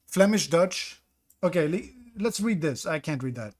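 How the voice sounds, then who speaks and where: A man's voice: on the high side, expressive, unhurried. A man streaming a geography guessing game, thinking aloud, second-guessing his guesses and answering his chat. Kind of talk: live-stream commentary reading chat.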